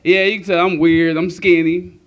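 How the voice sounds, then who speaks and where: A man's voice: high voice, flat delivery, normal speed, a bit bright. A man doing a crude, profane stand-up comedy set on a club stage, laughing at his own jokes.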